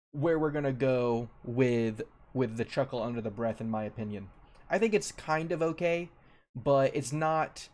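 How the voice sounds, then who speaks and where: Young male streamer, slightly high voice, casual repetitive commentary. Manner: repeats his phrases, loose and offhand. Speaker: streamer ranking a tier list.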